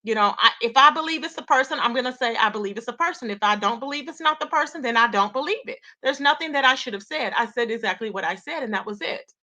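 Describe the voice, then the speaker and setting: A woman hosting a live gossip commentary stream, chatty and animated, greeting viewers from the chat by name. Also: on the high side, fast talker, hardly any pauses. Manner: animated, chatty, slangy, reading chat names aloud. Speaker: YouTube commentary host.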